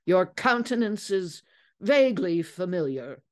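Actress doing a stern older father for an audiobook, loud gruff growl, measured delivery. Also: on the low side, big pitch swings, voice pushed up. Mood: indignant. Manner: gruff, indignant. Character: stern older father, self-righteous, bellowing.

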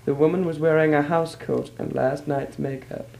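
A man narrating a short story in a measured, even storytelling manner. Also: a little high, gravelly, low-quality recording.

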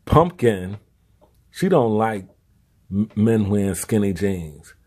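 A man's voice: on the low side, expressive, takes it slowly, a little mellow. A man with a Southern US accent, joking and teasing his wife on a casual vlog. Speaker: vlogger's husband.

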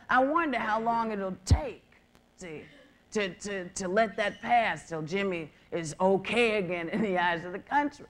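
A woman performing live stand-up comedy on a theater stage, talking in a profane, conversational way and mocking people with quick impressions. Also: a little high. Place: theater stage with laughing audience. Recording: noisy VHS live recording with loud crowd.

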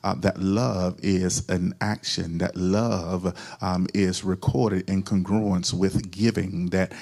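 A man's voice: deep voice, flat delivery, slow, creaky, a little mellow. A man preaching a sermon as pastor, repeating key phrases and calling on the congregation to answer back.

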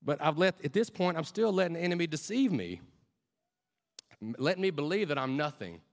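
A man's voice: on the high side, expressive, a little fast. A male preacher delivering a fervent, conversational sermon that turns to emotional personal storytelling.

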